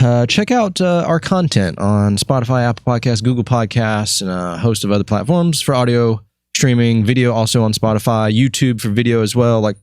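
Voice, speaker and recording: Podcast host guy, kinda low voice, rambles and jokes around, dry close sound. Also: dry recording. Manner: rambling, jokey, mimics people in quoted voices. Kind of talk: casual podcast chat.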